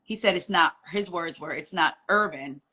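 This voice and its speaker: A woman telling a story on a live stream as a guest courtroom reporter, animated and acting out the voices of the people she quotes. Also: fairly low pitch, normal speed, husky.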